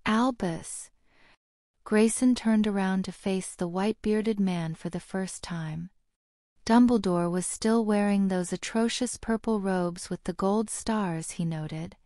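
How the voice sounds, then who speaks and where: A woman narrating an audiobook in an even, measured way. Her voice is warm and mellow, and the recording is close and dry. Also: medium pitch, no echo. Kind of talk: scripted narration.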